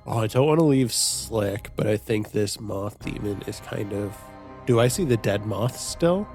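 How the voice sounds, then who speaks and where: Gravelly low-voiced male player. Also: lively intonation, unhurried, a little mellow, faint music behind. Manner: eager, nervous reactions to dice rolls. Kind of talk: playing a tabletop game.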